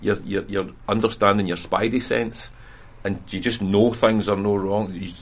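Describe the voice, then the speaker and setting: A man's voice: on the low side, fairly even intonation, moderate pace. A Scottish man, the interviewee, talking earnestly and at length in a candid interview, laughing at himself now and then. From Scotland. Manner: earnest, rambling, self-deprecating with laughter. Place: prison room.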